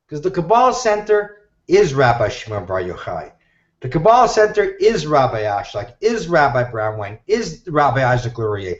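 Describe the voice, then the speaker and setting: A man telling a story in an animated way and acting out the voices of the people he quotes, heard over a live video call. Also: a little high. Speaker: guest teacher. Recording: echoey, dull video-call audio.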